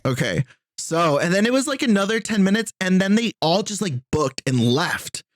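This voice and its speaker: A man's voice: high voice, normal speed, dry recording. Rambling man in a dry room. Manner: relaxed, rambling storytelling with many fillers. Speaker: podcast co-host. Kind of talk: casual chat.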